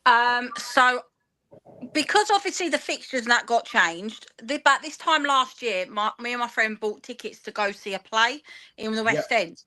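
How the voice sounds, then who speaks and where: A woman, telling an animated, rambling story in an interview and acting out the dialogue. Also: a little high, moderate pace. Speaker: guest, football fan and teacher.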